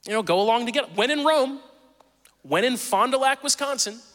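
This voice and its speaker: Bright-voiced preacher telling stories from the pulpit. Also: male voice, very high-pitched, a little fast, in a large hall. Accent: Southern US. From Southern Missouri. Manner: animated, self-deprecating storytelling. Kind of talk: sermon with personal storytelling.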